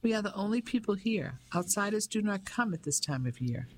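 A narrator voicing a polite village man who speaks in a calm, reassuring way. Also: medium pitch, brisk, voice pushed up, natural voice. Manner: courteous, reassuring.

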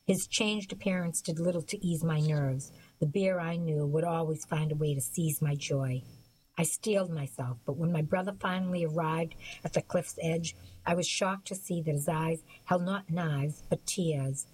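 A woman narrating an audiobook in a measured, even storytelling manner. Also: deep voice, a little hiss or hum, rough recording. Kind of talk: scripted narration.

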